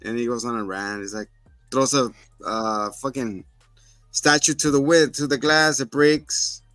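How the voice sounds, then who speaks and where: Bright-voiced man recapping a show. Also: mid-range voice, steady tone, unhurried, no echo, soft background music. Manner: rambling scene recaps, acts out quotes. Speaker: podcast co-host. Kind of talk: casual chat.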